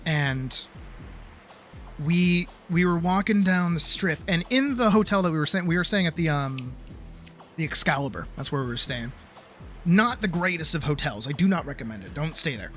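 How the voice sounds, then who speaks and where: A man's voice: fairly high pitch, expressive, moderate pace, a bit bright, faint music behind. A man chatting casually on a livestream, rambling and apologetic, with casual swearing. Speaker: streamer.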